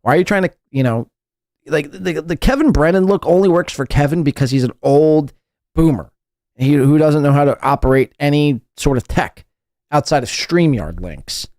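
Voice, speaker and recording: A man's voice: a little high, moderate pace, a little mellow, no room sound, clean studio sound. A man hosting a podcast, giving mocking, profane comedic commentary. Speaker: podcast host.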